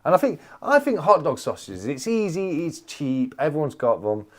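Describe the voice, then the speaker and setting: A man's voice: on the high side, sing-song, normal speed. A man hosting a casual live chat, answering viewers and repeating his phrases with plenty of "mate.". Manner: chatty, repeats phrases, calls everyone mate. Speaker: livestream host.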